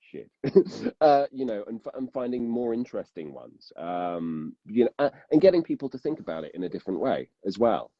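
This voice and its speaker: A man's voice: fairly low pitch, sing-song, normal speed, dull audio. A man, a narrator and podcast guest, talking casually and rambling, restarting sentences and laughing often.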